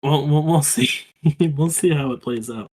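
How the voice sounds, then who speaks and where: Man, high voice, podcast co-host, casual chat, swears a lot, vents. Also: warm tone. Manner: profane, quick to vent frustration.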